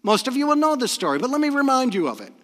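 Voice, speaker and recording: A pastor from New England preaching a morning sermon, retelling scripture as an animated story. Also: male voice, very high-pitched, very fast, in a large hall.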